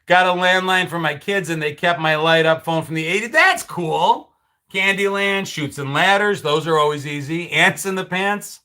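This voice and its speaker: A middle-aged man hosts a live stream in a loose, conversational way, reacting to viewer comments with dry, sarcastic asides. His voice sits high and sounds bright and forward, and he often restarts his sentences. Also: moderate pace, clear, resonant tone. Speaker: livestream host. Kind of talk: casual chat reading live comments.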